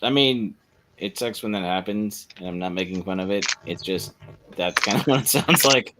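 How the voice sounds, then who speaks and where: Low-voiced joking male co-host. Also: normal speed, very noisy. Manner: joking, talkative. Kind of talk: casual livestream chat.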